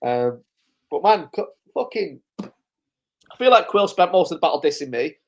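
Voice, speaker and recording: A man's voice: on the high side, lively intonation, fairly quick. A man hosting a live-stream recap, chatting casually, swearing freely and chuckling through his stories. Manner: loose, swearing, chuckling storyteller. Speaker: host.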